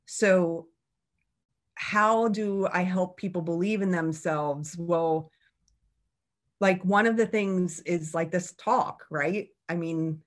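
Middle-aged woman chatting through her story, kinda low voice, laughs a lot. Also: takes it slowly. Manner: candid, chatty, laughs often. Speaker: speaker. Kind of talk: personal story talk.

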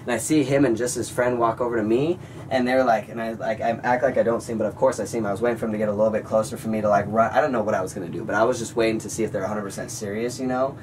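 A young man vlogging, telling a story to his viewers in an animated way and calling them guys. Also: fairly low pitch, racing, distant mic, a little hiss or hum. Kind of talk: storytelling vlog.

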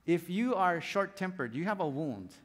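A man preaches to his congregation in a high, lively voice that swings widely up and down. He acts out his stories with little sound effects. His voice rings with the long reverb of a large church hall. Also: normal speed. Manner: animated storyteller, acts out scenes and sound effects. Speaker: pastor.

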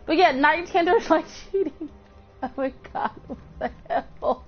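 This young woman's high-pitched voice, at normal speed, narrates her live game stream as she chats with viewers and swears and shrieks when danger hits. Soft background music plays, and the dull lo-fi mic picks up audible noise.

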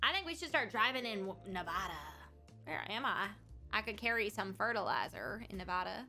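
A woman's voice: mid-range voice, expressive, fairly quick, bright, forceful tone, soft background music. A woman playing a brash, flirty Southern woman trucker in character while streaming a game, drawling and calling everyone babies.

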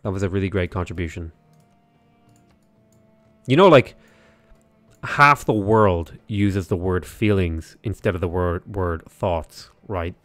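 A man's voice: sits low, unhurried, pauses often, a bit bright, dry recording, faint music behind. A man with an Irish accent, chatting loosely while streaming a strategy game and reading viewer comments, full of "like" fillers and restarts. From Ireland. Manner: rambling, many "like" fillers and restarts. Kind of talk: casual livestream commentary.

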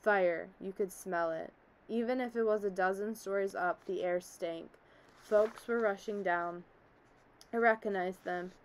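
A woman's voice: medium pitch, measured pace, slight background noise, lightly acted, poor audio. A woman reading a story aloud, telling it as a man who survived a disaster, in an earnest, haunted way. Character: middle-aged man, former office worker, shaken survivor.

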